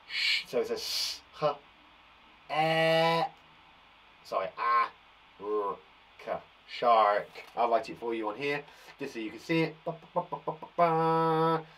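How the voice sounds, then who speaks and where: A man from England leading a live phonics lesson for young children, sounding out words slowly with a blocked nose and an encouraging manner. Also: medium pitch, pushed and bright. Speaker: primary school teacher.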